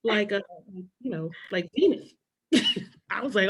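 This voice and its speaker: Animated woman doing stand-up. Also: mid-range voice, takes it slowly, pauses often, slight background noise. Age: middle-aged. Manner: animated storytelling, acts out her mother and child self. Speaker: stand-up comedian. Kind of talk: stand-up comedy set. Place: comedy club stage.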